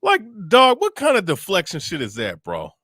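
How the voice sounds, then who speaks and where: Loud, mocking man with an animated voice. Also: fairly high pitch, normal speed, no room sound, studio quality. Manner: loud, profane, laughing, mocking. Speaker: boxing podcast host. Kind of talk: casual chat, reading tweets aloud.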